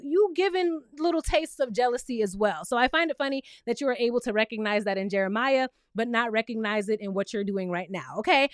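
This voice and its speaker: Sassy high-voiced woman recapping reality TV. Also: smooth, no room sound, clean studio sound. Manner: sassy, chatty, addresses viewers directly with frequent "okay?". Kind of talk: casual episode recap.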